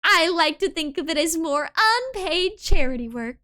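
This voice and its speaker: Blunt, wry young female friend for a dating sim, read by a woman; high, bright tone. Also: expressive, moderate pace, full character voice. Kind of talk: reading a dating sim aloud.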